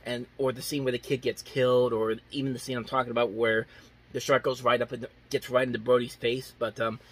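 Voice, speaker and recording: A young man talks through a movie review with loose, unscripted enthusiasm. His voice is bright and forward with a husky grain. He keeps restarting sentences and leaning on filler words. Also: mid-range voice, flat delivery, a little fast. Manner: rambling, many restarts and "like" fillers.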